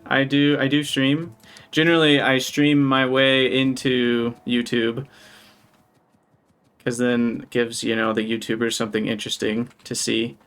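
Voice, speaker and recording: Male live streamer with some vocal fry, mid-pitched, talks through his plans and greets chat cheerfully. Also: level tone, unhurried. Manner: thinks aloud while planning, brightens to greet chat. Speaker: game streamer. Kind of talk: live gameplay commentary.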